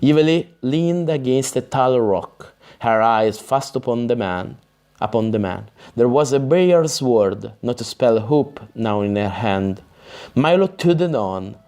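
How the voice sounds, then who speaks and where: Slow, careful male audiobook narrator. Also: medium pitch, lively intonation, darkish tone. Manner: careful, measured reading with occasional restarts. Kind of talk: reading a fantasy novel aloud.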